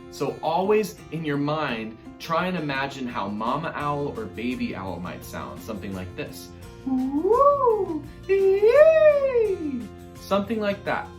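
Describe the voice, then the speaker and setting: A man teaching an online music lesson to young children, upbeat and encouraging as he speaks straight to the kids. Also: on the high side. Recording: roomy echo with faint music.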